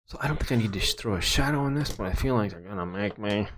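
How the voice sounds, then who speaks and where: A very deep-voiced man in his thirties talks loosely as he works at his desk, drifting from topic to topic with dry jokes. Keyboard typing clicks in the background. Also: expressive, fast talker, background noise. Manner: rambling, joking asides. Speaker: photographer doing a livestream. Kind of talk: casual chat while working.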